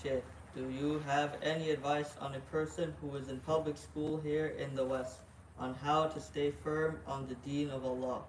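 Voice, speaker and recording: A man reads submitted questions in a flat, plain voice that sits slightly high. He is heard from a distance in a roomy, echoing space with faint noise, so the sound is hollow. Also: normal speed. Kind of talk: reading listener questions aloud.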